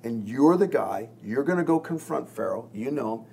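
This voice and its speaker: A male pastor in a podcast chat, his voice gravelly with a bit of vocal fry. He tells stories earnestly and drops his voice to act out quoted lines. A faint hum sits behind him. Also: mid-range voice, animated, normal speed, mellow. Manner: earnest, storytelling, acts out quoted lines with dropping voice. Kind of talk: podcast discussion among pastors.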